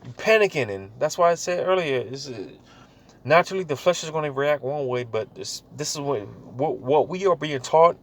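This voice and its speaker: A man giving casual Bible teaching in a slangy, loose style, reading verses slowly, then talking them over and filling gaps with "man" and "you know". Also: a little high, a little hiss or hum. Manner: reads scripture aloud slowly, then riffs on it.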